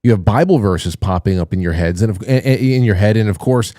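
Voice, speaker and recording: A male podcast host with a mellow, darker voice speaks in a halting way, repeating words before he lands on his question. The recording is dry and close. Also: on the low side, no room sound. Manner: halting, repeats words while searching for them. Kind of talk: casual interview.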